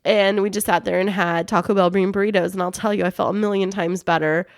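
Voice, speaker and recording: A woman's voice: medium pitch, fairly even intonation, fast talker, no room sound. Woman podcast cohost, talks easy and chatty, laughs a bunch, dry close mic. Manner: warm storytelling, laughs often. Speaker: podcast co-host. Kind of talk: casual chat.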